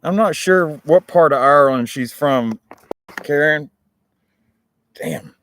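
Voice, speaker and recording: Outdoors in the chill, a Southern American man hosts a rambling, casual live-stream talk show, chatting informally and often restarting. His voice is a little high, animated and fairly bright, at a slow pace, in a dry, studio-quality recording.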